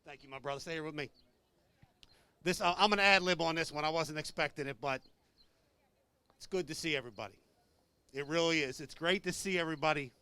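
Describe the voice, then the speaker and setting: Bright-voiced labor leader at a rally. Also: male voice, a little high, fairly quick, pauses often, clear, resonant tone, no room sound. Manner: earnest, addresses crowd as brothers and sisters. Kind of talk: ad-libbed rally speech. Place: outdoor rally.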